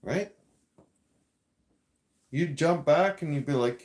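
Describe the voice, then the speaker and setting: A man's voice: a little high, slow, darkish tone. A man hosting a live stream, ranting at his viewers in a confrontational, rambling way, addressing them directly.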